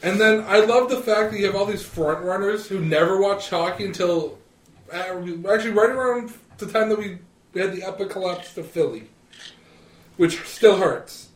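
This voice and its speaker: A man from the Boston area co-hosting a casual sports chat, animated and joking, talking over the others. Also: sits high, normal speed. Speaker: podcast co-host. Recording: echoey room, off mic.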